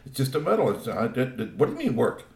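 A man's voice: mid-range voice, wildly swooping pitch, fast talker, gravelly, a little mellow, echoey room, a little hiss or hum. A man voicing a nervous young human man who stammers and frets. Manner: flustered, stammering.

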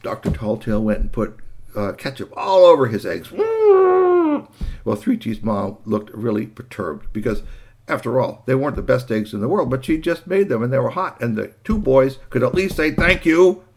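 A man narrating a children's story in an animated way, adding sound effects and asides. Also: medium pitch, normal speed, breathy edge.

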